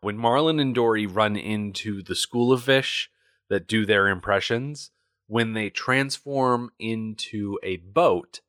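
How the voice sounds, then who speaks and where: A man's voice: lowish voice, slow pace, fairly bright tone, dry recording, studio quality. A man co-hosting a podcast, chatting casually and conversationally about a movie. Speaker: podcast co-host. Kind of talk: casual movie discussion chat.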